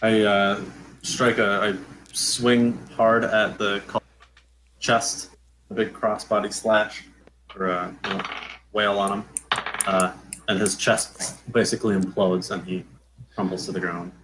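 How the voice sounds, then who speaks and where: A man playing a tabletop game with friends, eager and excitable in casual chat. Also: on the low side, takes it slowly, pauses often, a little hiss or hum, poor audio. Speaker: player.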